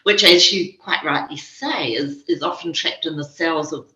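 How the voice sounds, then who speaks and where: A woman with a New Zealand accent, a spiritual teacher speaking as a guest and telling stories in a gentle, earnest way. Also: sits low, normal speed. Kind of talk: reflective interview conversation. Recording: dull echoey recording.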